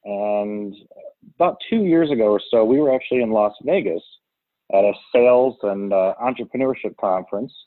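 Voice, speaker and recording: A man's voice: on the low side, normal speed, dry recording. A man in his thirties from Cleveland, a business co-founder telling his story in a casual interview, chatty with lots of fillers, heard over a call line. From Cleveland, Ohio. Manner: chatty, filler-heavy, restarts often. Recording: tinny phone-call line.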